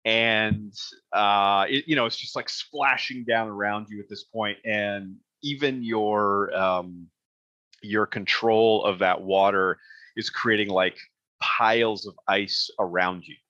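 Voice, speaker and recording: A lower-pitched man with a bright, forceful tone narrates a tabletop game as its game master. He talks casually and halts often, with fillers and restarts. The sound is dry and a bit dull, like a lo-fi call recording. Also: steady tone, slow pace, dry recording.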